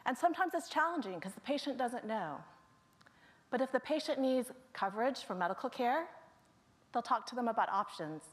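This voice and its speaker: A woman's voice: a little high, lively intonation, normal speed. A woman speaking to her colleagues at a staff meeting, telling the stories of coworkers one by one in a storytelling manner. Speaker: staff member presenting to colleagues.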